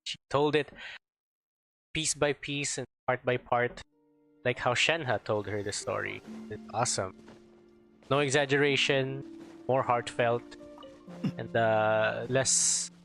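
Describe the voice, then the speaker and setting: A man's voice: mid-range voice, slow, long pauses, fairly bright tone, soft background music. A man streaming a game, chatting casually and rambling as he searches for words. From Philippines. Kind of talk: casual gameplay chat.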